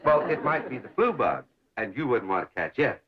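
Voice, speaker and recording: An actor playing a nervous, polite city gentleman who stammers and hedges. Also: mid-range voice, sing-song, a little fast, noisy background, lightly acted. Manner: hesitant, stammering. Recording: muffled 1960s TV soundtrack.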